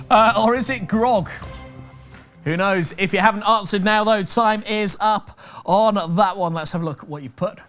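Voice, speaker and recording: A man's voice: high-pitched, normal speed, a bit bright, faint music behind. A British man hosting a live online quiz, reading out questions and answer options with chatty, jokey patter. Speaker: quiz master.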